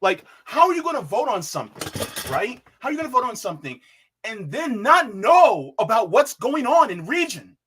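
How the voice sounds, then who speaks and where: A man's voice: very high voice, moderate pace, breathy edge. A man on a political panel, talking heatedly and repeating himself, calling people bruh. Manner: animated, repeats himself, says bruh, mimics others in quotes.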